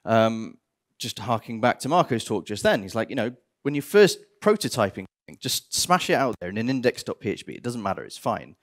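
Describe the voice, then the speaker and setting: A man giving a conference talk on stage, animated, with bursts of theatrical mock despair. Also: mid-range voice, fairly quick. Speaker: conference speaker.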